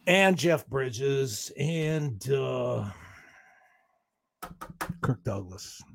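A male talk show co-host in a heated on-air argument, defensive and combative, breaking into fast rants. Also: medium pitch, expressive, creaky, no echo.

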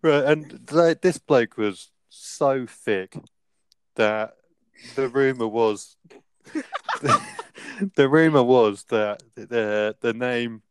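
A man's voice: medium pitch, extremely slow, pauses often, smooth, no echo. A young man casually telling a rambling anecdote as podcast co-host, laughing often. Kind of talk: casual storytelling.

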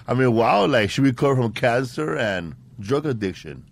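A man's voice: medium pitch, expressive, normal speed, vocal fry. A man hosting a podcast in casual chat, rambling with repeated words and lots of "bro" and "man". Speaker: podcast host.

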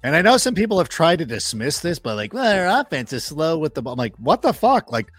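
A man as a guest football analyst in a casual sports chat, telling animated stories, acting out quoted remarks and swearing freely. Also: on the high side, fairly quick, slightly rough, dry recording, faint music behind. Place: studio.

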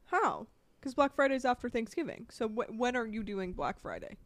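A woman co-hosting a casual podcast chat, her accent a blend of British and American. She talks in animated, rambling bursts with plenty of laughs and asides. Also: on the high side, moderate pace, no room sound. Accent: mixed British and American. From England. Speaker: podcast co-host.

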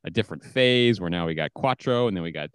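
A man's voice: low voice, lively intonation, fast talker, clean tone, no echo, studio quality. A man hosting a podcast, chatting casually in a laid-back, amused way. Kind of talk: casual chat.

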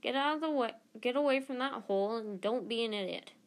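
A woman's voice: on the high side, a little slow, warm tone, natural voice. A woman reading aloud and voicing a hot-headed schoolboy who sounds exasperated.

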